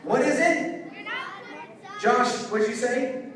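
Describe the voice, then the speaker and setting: A man with a fairly high voice preaches an energetic youth sermon, using an object lesson and calling out to his listeners. His voice bounces around a large hall with long reverb. The mic sits well back from him. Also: slow, a faint crowd. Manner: energetic, call-and-response with audience. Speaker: youth pastor. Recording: echoey hall, mic from a distance.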